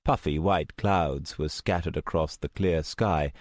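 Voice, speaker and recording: A man narrating a first-person audiobook in a measured, steady storytelling manner, close to the mic. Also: rumbling low, no room sound.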